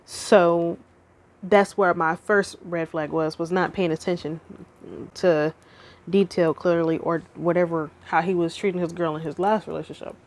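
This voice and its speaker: A woman's voice: lowish voice, a little slow. A young adult woman casually telling a personal relationship story to her viewers. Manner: casual, animated storytelling, addresses viewers directly. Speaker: vlogger. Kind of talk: storytime chat.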